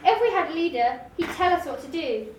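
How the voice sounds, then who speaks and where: A woman's voice: extremely high pitch, animated, fairly quick, pitched above the performer's own voice. A woman reading a storybook aloud and voicing a self-important fat bullfrog who talks in an earnest, bossy way. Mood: persuasive. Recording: roomy room, voice off-mic, faint hiss.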